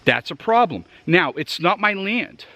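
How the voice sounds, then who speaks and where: A man's voice: high voice, big pitch swings, a little slow, pushed and bright, slight background noise. Rambling Massachusetts man on a hike. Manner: rambling, chatty, addresses viewers directly. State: out of breath from hiking. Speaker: outdoor gear vlogger. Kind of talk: casual rambling tour while hiking. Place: outdoors in the woods.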